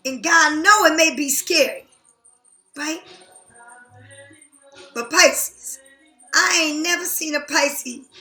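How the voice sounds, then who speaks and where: High, bright woman tarot reader, blunt and profane, echoey room. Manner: blunt, profane, animated, talks straight to the viewer. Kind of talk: casual tarot reading to camera.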